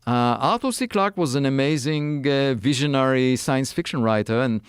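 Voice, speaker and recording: A man's voice: medium pitch, expressive, normal speed, smooth, dry recording. Interview guest, male, reflective and hesitant, dry recording. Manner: thoughtful, many fillers and restarts. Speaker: guest scientist. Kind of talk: conversational interview.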